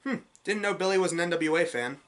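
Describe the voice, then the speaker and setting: A fast-talking New York woman with a lowish voice gives a snarky, mocking take on a movie. Her sarcastic review grows steadily more exasperated.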